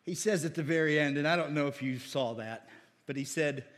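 A man preaching a sermon, animated, with laughs and mocking impressions of critics. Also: a little high, a little fast, big-room sound. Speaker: pastor.

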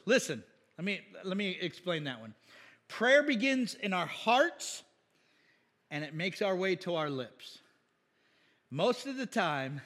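A man preaching a sermon as a pastor, casual and jokey, laughing often and climbing to loud, emphatic peaks. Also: fairly high pitch, in a large hall. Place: church sanctuary.

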